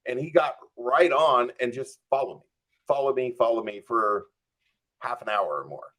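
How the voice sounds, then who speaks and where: A man speaking at normal speed and medium pitch recounts a long anecdote as a podcast guest. He animatedly voices his own thoughts, with frequent fillers like "like" and "I'm just like."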